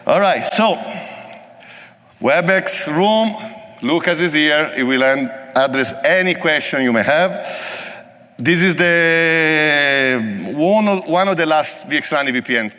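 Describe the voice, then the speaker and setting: A man's voice: on the high side, animated, a little slow, sharp tone, big-room sound. A man with an Italian accent giving a joking, conversational technical talk at a conference. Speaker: conference presenter. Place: large conference hall.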